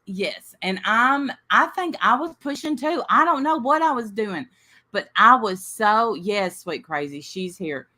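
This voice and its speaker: A woman host with a bright, forceful voice, chatting casually. She tells stories with animation and throws herself into loud impressions of what others said. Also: medium pitch, a little slow. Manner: animated, acts out quoted voices loudly. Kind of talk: casual chat, storytelling.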